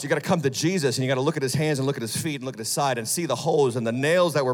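A male lead pastor preaching a sermon, blunt and sarcastic, dropping low and then rising to loud, emphatic peaks. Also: racing, few pauses, long reverb tail. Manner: emphatic, swings from hushed to shouting. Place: church sanctuary.

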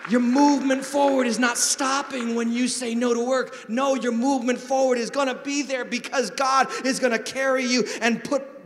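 A man's voice: very high voice, fairly bright tone. A man preaching a sermon as pastor, in a conversational, joking storytelling manner. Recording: long reverb of a large church hall.

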